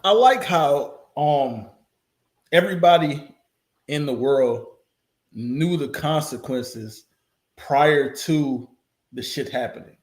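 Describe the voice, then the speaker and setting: A man's voice: a little high, slow, pauses often. Man ranting bluntly in a roomy room. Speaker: reaction video host. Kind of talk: casual reaction commentary. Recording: roomy echo.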